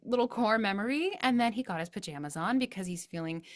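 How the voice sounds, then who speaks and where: A woman who is a parenting educator and a guest, chatting casually, telling lively stories with frequent laughs. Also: mid-range voice, fast. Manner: animated storytelling, laughs often, acts out voices. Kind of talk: casual interview chat.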